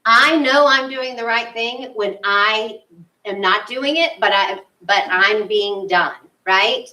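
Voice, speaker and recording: A woman's voice: a little high, slow, pushed and bright. A woman, a spiritual leader, giving a conversational sermon and acting out her own inner thoughts, heard from a distance.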